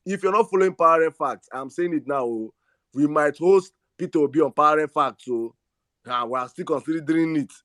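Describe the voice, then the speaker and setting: A man's voice: on the high side, brisk, a bit bright, dry recording, studio quality. A man with a Nigerian accent hosting a live online audio space, speaking with passion, often repeating words and slipping into Pidgin. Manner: impassioned, repeats words and restarts; slips into Pidgin. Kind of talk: rallying live-stream talk.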